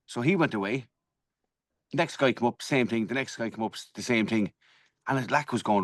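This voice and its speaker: A man's voice: medium pitch, normal speed, long pauses, no echo. An Irish man co-hosting a podcast, chatting casually, swearing freely and telling stories with energy. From Ireland. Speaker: podcast co-host, martial arts black belt. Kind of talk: casual chat.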